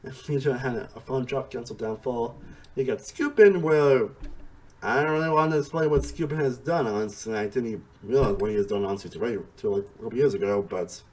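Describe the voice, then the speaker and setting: A TV show reviewer with a medium-pitched, slightly mellow voice speaks a little fast in a casual, rambling review of a series. He restarts sentences mid-thought and leans heavily on "honestly" and "again."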